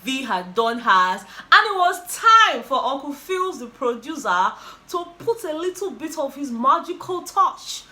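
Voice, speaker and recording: A Nigerian woman with a Nigerian accent hosting a casual recap vlog, telling the story in an animated, exclaiming way and switching between English and Pidgin. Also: high voice, a little slow. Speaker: YouTuber host.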